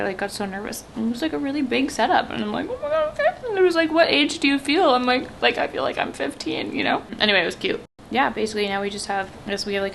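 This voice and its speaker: A woman talking casually to camera as a beauty vlogger, chatty and effusive, with many likes and quick asides. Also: mid-range voice, gravelly, fairly bright tone. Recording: roomy echo, faint noise.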